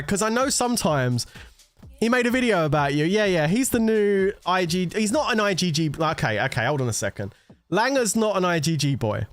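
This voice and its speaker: Man ranting, a bit high. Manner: swearing, rambling, laughing. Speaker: gaming content creator. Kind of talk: casual streamer rant.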